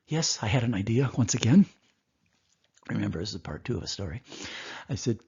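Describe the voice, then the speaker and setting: Man, doctor lecturing a course, lively storytelling, husky voice, dull lo-fi recording. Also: medium pitch, normal speed, pauses often. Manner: animated storyteller, acts out voices.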